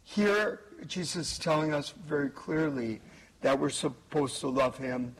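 A man, a priest, preaching a homily at Mass in a church, slow and measured, stressing key words. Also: fairly high pitch, lively intonation, slightly rough, poor audio.

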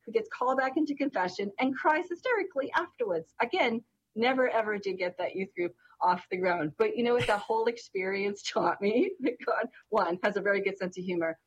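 Brief: middle-aged woman co-host, distinctive voice, lively storyteller, faint ambience behind. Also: mid-range voice, brisk, highs cut off, a little hiss or hum. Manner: animated, laughs through her story. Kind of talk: casual storytelling chat.

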